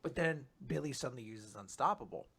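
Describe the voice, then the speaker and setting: A man's voice: medium pitch, lively intonation, a little fast, gravelly, a crowd in the background. A man co-hosting a podcast, animatedly recapping a manga in casual chat and acting out the characters. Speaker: podcast co-host.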